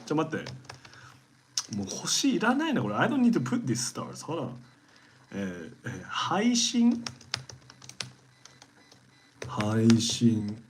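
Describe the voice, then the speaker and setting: A man with a Japanese accent giving a casual live-stream lesson, lively and encouraging, mixing English with Japanese words. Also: medium pitch, poor audio. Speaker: Japanese teacher streaming to viewers.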